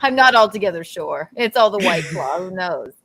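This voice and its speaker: A woman's voice: lowish voice, lively intonation, normal speed, crowd noise. Joking woman co-host, sarcastic banter. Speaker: podcast co-host. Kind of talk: casual chat.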